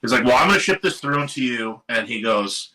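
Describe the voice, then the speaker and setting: A middle-aged man from Seattle, telling a long story as a guest in a casual live-streamed interview. His voice is bright and forceful, and he talks animatedly, acting out the people in his story and swearing now and then. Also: mid-range voice, fairly quick, rough recording. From Seattle area. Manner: animated, swearing, quotes others in lively voices. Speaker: guest musician. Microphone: live stream microphone.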